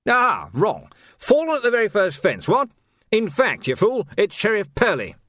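A man reading an audiobook, voicing a pompous, slow-witted old male watch captain in a loud, high, huffy voice. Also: wildly swooping pitch, dry recording, clean studio sound, heavily acted. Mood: blustering.

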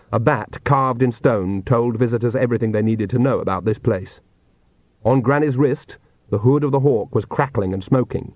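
A male audiobook narrator tells the story in a measured, even way at a middle pitch. The recording is close and dry, with a slightly dull, muffled top. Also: no echo. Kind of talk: scripted narration.

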